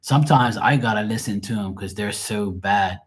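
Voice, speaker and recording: A man's voice: on the low side, moderate pace, breathy edge. A middle-aged man with a Bermudian accent, a tarot reader rambling casually to his livestream viewers with plenty of profanity and frequent laughs.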